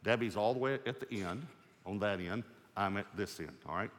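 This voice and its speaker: Pastor, male, lower register, storytelling sermon, conversational with light humor, long hall reverb. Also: fairly quick, fairly bright tone.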